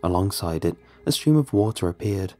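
A man's voice: deep voice, expressive, moderate pace, warm tone, soft background music. A young man telling a first-person horror story in a tense, brooding narration. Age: young adult.

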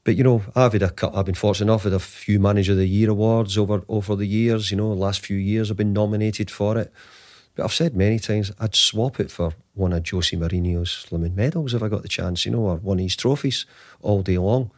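A man in his fifties, a football manager being interviewed, who tells his story in a halting way, often repeating words and restarting. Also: lowish voice, steady tone, darkish tone, dry recording, clean studio sound. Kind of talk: conversational storytelling.

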